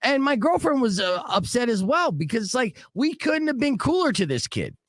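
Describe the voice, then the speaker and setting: A middle-aged man from Arizona hosting a radio show, telling a long story in a casual, animated way and acting out what people said. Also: very high voice, moderate pace, no room sound. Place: radio studio.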